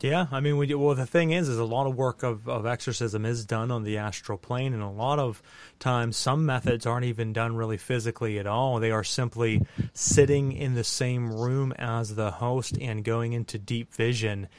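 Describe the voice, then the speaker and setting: Podcast host guy, calm explainer, mid pitch, dry sound. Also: normal speed, no echo. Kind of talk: interview conversation.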